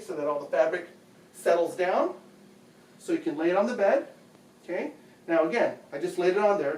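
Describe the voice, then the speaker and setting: Man, slightly high voice, chatty how-to host, echoey bedroom, mic set back. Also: a little mellow. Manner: chatty, patient, repeats phrases. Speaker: home video host. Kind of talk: casual how-to demonstration. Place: bedroom at home. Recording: echoey room, distant mic.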